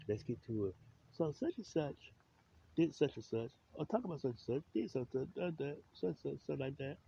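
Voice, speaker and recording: A man imitating a male radio host who mumbles in a thin voice with no bass. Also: expressive, brisk, vocal fry, muffled recording, slight background noise. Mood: mocking.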